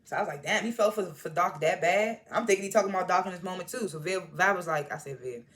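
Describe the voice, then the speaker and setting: A woman casually recapping and reviewing a TV episode, animated and slangy, with indignant asides as she retells the scenes. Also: on the low side, fast talker. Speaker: TV show reviewer.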